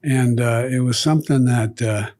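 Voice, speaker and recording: A man's voice: medium pitch, moderate pace, darkish tone. An older man as an interview guest, telling childhood stories with many restarts and fillers. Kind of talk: storytelling in an interview. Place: seated indoors for an interview.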